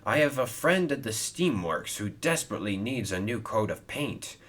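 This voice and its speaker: Man doing a kind male steam engine, earnest, reassuring, lively. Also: lowish voice, normal speed.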